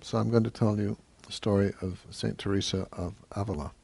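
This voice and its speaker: Low, mellow-voiced meditation teacher. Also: male voice, creaky, husky. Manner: calm, measured, with hesitant fillers. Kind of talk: dharma talk Q&A.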